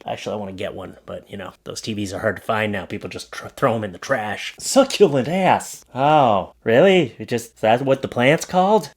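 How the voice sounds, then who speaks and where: A man in his thirties giving jokey, sarcastic commentary on bad advertising signs, talking straight to viewers. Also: medium pitch. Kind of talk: comedic commentary on funny signs.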